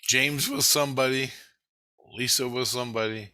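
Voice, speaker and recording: A middle-aged man rambles through a long personal story, swearing often and doubling back on himself. His voice has a hard, bright edge. The sound is close and dry. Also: mid-range voice, fairly even intonation, normal speed, no room sound. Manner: rambling, profane, retelling a dream. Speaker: vlogger. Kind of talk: casual storytelling monologue.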